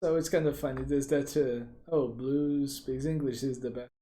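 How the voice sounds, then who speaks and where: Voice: medium pitch, fairly even intonation, normal speed, warm tone, roomy sound. A reaction video host giving casual, chatty commentary with frequent chuckles.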